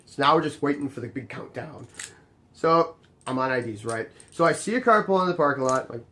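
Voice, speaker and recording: A young man casually telling a story about his job as a bar bouncer, animated and exasperated, acting out both sides of the conversation. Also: mid-range voice, a little fast.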